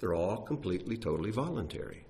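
Man preaching a sermon, lively swooping pitch, emphatic, asks the congregation questions. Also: fast, a little hiss or hum. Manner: animated, rising and falling with emphasis, rhetorical questions.

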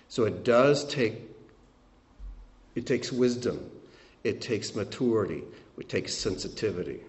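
An older man preaching a sermon as pastor, swinging between emphatic peaks and quiet, soft asides. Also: fairly low pitch, lively intonation, moderate pace.

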